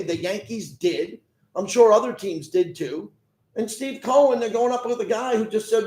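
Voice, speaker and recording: A man's voice: high-pitched, normal speed, a little mellow, reverberant, low-quality recording. A man hosting sports talk radio, arguing with callers and firing off rhetorical questions. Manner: combative, fires rhetorical questions.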